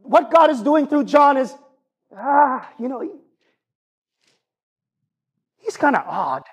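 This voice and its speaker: A man preaching a sermon in an animated, conversational way, often turning to ask his congregation questions. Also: very high-pitched, slow pace.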